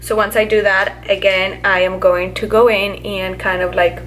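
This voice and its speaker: A woman's voice: medium pitch, level tone, normal speed, fairly bright tone, slight background noise. Chatty young woman doing a makeup tutorial. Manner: chatty, filler-heavy, explaining each step as she goes. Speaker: beauty vlogger.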